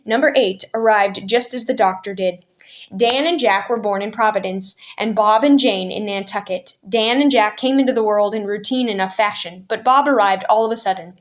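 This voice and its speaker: Woman reading a family memoir aloud. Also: fairly high pitch. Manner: steady, clear storytelling read. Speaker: storyteller aunt.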